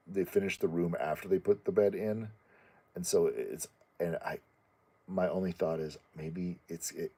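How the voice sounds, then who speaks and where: A man with a very low, husky voice talks through viewer questions in loose, unscripted chat. His tone is dark and mellow, and he stops and restarts sentences often. Now and then he jumps up into a squeaky voice to act out his pets. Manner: rambling, halting, many restarts and fillers; acts out pet voices in a high squeaky tone. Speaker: channel host answering viewer questions. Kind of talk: casual chat.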